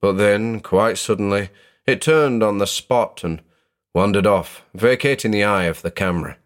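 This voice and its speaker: Deep-voiced young male narrator. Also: moderate pace. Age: young adult. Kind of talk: scripted horror narration.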